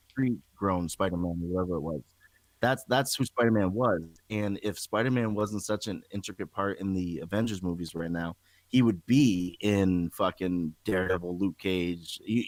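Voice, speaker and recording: Male podcast host, lowish voice, dry close sound, laid-back and joking. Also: dry recording, poor audio. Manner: relaxed, profane, joking. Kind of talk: casual podcast chat.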